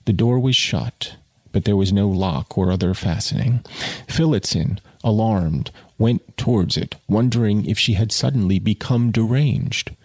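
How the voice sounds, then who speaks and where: Brief: man reading fiction aloud, casual asides, gravelly, husky voice. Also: on the low side, unhurried, a little mellow, no room sound. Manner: wry asides, conversational.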